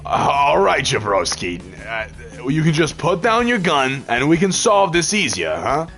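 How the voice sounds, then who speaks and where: A man's voice: on the high side, sing-song, unhurried, gravelly, fairly bright tone, faint music behind, voice pushed up, exaggerated voice. A man putting on a voice for a cocky young male squad leader, speaking with breezy confidence. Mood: coaxing. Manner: breezy, confident, put-on accent.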